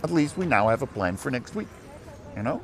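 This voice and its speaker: A young man from the Netherlands, a native Dutch speaker, talks casually to his viewers while out on a city street. His voice rises and falls in a lively, animated way as he rambles from one plan to the next. Faint traffic and street sounds sit behind him. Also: medium pitch, brisk. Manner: chatty and rambling, talks to chat and passersby. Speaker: live streamer. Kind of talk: casual live street stream.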